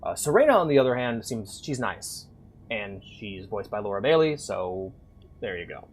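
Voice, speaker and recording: A man's voice: on the low side, big pitch swings, normal speed, a little hiss or hum. A man chatting casually and crudely with viewers while live-streaming a game. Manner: crude, joking, chats with viewers.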